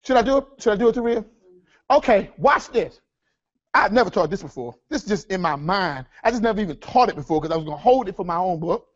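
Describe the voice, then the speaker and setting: A man teaching a live workshop, energetic, calling the audience folks and asking them rhetorical questions. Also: sits high, quick pace, lo-fi sound. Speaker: seminar speaker.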